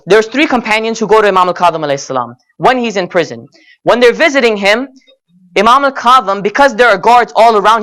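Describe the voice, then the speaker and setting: A man giving a religious lecture at an Islamic center, telling stories earnestly and slowing down to stretch key words, rising in pitch and force when he argues his point. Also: a bit bright. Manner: rises in pitch and intensity when arguing; addresses audience as brothers and sisters.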